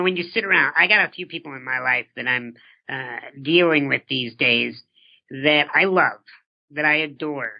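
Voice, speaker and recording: A man's voice: fairly high pitch, vocal fry. A man in his thirties, an interview guest, talking earnestly and reflectively, often posing rhetorical questions and repeating words as he starts a thought. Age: 30s. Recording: dull lo-fi recording.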